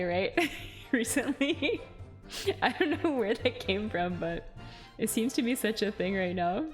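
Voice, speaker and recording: A woman's voice: mid-range voice, sing-song, unhurried, faint music behind. A young woman chatting casually while streaming a game, giggly and rambling with lots of fillers.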